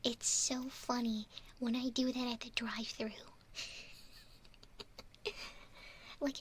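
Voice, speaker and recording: High breathy whisper girl, whispered role-play, chatty and giggly, little hiss. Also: flat delivery, slow, pauses often. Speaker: ASMR streamer.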